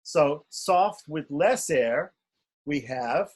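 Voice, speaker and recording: A man's voice: fairly high pitch, a little slow, breathy edge. A man teaching pronunciation in an online class, patiently drilling and overemphasizing each syllable. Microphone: video call.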